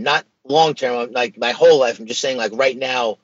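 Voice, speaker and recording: Male podcast guest, husky, earnest and animated, dry slightly muffled audio. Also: medium pitch, normal speed, no room sound. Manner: earnest, animated storytelling with slang. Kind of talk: casual podcast conversation.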